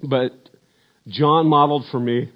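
A middle-aged man preaching a sermon as pastor, earnest and repeating words, his voice falling low at the end of points. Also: normal speed, lo-fi sound. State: emotional, choked up.

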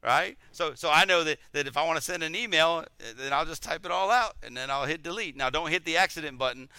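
Bright, crisp-voiced male pastor preaching. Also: on the high side, fast talker, no echo. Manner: animated, acts out quoted voices. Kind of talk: sermon.

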